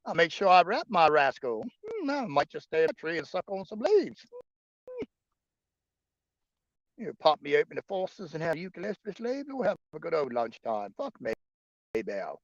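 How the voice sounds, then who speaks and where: A man's voice: on the high side, huge pitch swings, normal speed, pauses often, no room sound, voice pushed up. Man putting on a raised-voice koala with a fake Aussie drawl, crude and gossipy, slightly muffled stream mic. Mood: teasing. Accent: put-on Australian. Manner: crude, teasing banter.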